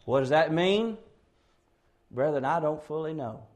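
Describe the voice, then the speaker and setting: A man preaching an expository sermon, building to loud, slowed, emphatic peaks on key words. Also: a little high, expressive.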